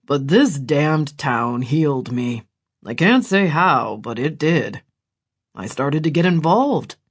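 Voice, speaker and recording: A man voicing Gideon, an earnest ex-soldier older brother, in a quiet, measured audiobook reading. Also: on the high side, very animated, exaggerated voice. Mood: reflective. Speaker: audiobook character voice.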